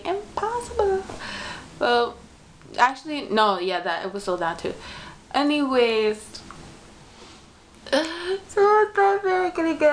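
A woman's voice: medium pitch, slight background noise. A young woman reacting to a music video in a casual vlog, chatty and rambling, gushing and giggling like a fan.

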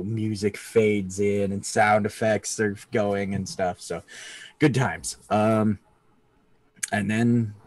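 A man's voice: lowish voice, dry recording. A man co-hosting a casual chat about his week of tabletop gaming, rambling with many fillers and restarts. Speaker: podcast co-host.

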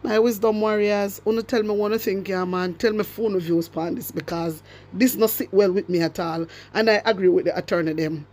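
A social media commentator with a Jamaican accent delivers an impassioned political rant to followers, emphatically hammering home repeated rhetorical questions and swinging between loud and hushed. The voice is medium-pitched and steady in tone, at a moderate pace.

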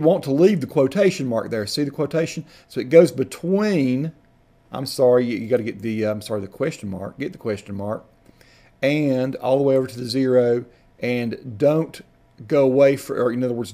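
A middle-aged man with a warm, mid-range voice hosts a casual screen-recording tutorial. He's folksy and rambling, often correcting himself partway through a sentence.

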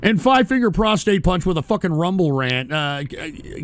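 A man hosting a radio show, ranting profanely and swinging between exasperated shouting and weary mumbling. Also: high-pitched, sing-song, normal speed. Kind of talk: profane on-air rant.

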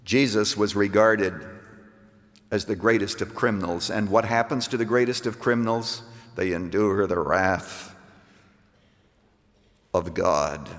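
A man preaches a sermon at an unhurried, deliberate pace, his voice trailing off into long reverb. He moves from hushed, low lines to emphatic ones, and he sounds like a pastor in a church sanctuary.

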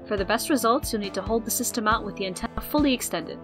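A woman's voice: fairly high pitch, fast, lightly acted. A woman voicing a formal, wordy young boy inventor, with game music behind. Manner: wordy and precise.

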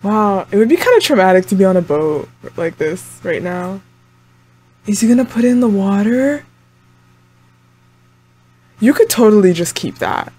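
A young woman talks her way through a reaction video, exclaiming and laughing at what she sees. Her pitch swings widely, and she speaks slowly and unhurriedly. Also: a little mellow. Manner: chatty, talks to the screen, exclaims and laughs often. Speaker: anime reaction channel host. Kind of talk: casual reaction commentary.

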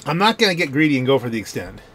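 A man's voice: mid-range voice, very animated, rapid-fire, fairly bright tone. A man giving casual, jokey let's-play commentary while racing, chatting to himself on a home microphone with audible clicks. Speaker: gaming channel host. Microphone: home gaming microphone with audible clicks. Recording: noisy, with car and game sounds behind.

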